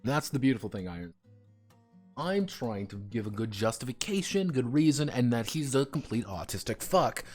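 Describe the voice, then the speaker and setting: A man's voice: mid-range voice, lively intonation, normal speed, darkish tone, faint music behind. A man chatting casually on a stream, rambling with stumbling restarts and profane banter.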